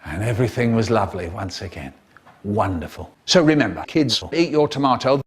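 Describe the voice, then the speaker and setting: A man's voice: lowish voice, lively intonation, fairly quick, husky. A man telling comic stories in a theatrical, playful way and acting out the characters. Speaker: storyteller. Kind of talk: comic storytelling.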